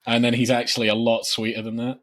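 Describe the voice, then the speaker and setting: A man's voice: medium pitch, completely flat delivery, fast talker. A man co-hosting a film podcast, rambling casually with lots of fillers and frequent laughs. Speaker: podcast co-host.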